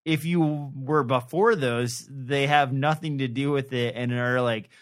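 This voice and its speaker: A man's voice: medium pitch, fairly even intonation, unhurried. A man co-hosting a podcast in casual chat, laid-back, often answering with short agreeing replies. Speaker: podcast co-host.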